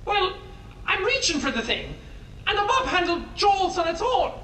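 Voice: extremely high pitch, big pitch swings, moderate pace, bright, forceful tone, a little hiss or hum, heavily acted. A voice actor playing a nervous male factory worker, rambling through a story. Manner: nervous, rambling, swears mildly. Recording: echoey tape recording from a distance.

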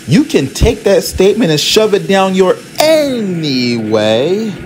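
Guy doing a grumpy huffy engine, snappy and fed up, lively pitch. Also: slow pace, a little hiss or hum, exaggerated voice. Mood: irritated. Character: grumpy irritable male engine.

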